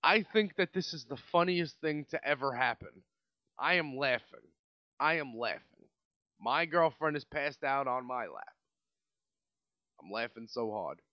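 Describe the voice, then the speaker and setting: A man's voice: medium pitch, no room sound. A man with a New York accent in his late twenties rambles through a profane story on his own podcast, his voice swinging up and down with lots of life. The sound is dry and a bit dull and lo-fi, like a basic home podcast mic. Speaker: podcast host. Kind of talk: casual storytelling monologue.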